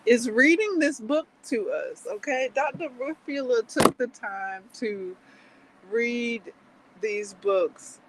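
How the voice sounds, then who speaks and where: A woman's voice: fairly high pitch, expressive, slow, very noisy. A woman hosting a livestream in casual chat, giggly and rambling with lots of fillers. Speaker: livestream host.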